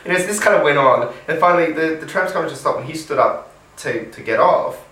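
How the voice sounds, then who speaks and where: A man's voice: fairly high pitch, fast, bright, forceful tone, reverberant, far from the mic, rough recording. A man with an Australian accent co-hosting a casual chat, telling a rambling story, swearing casually and acting out the people he quotes. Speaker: co-host.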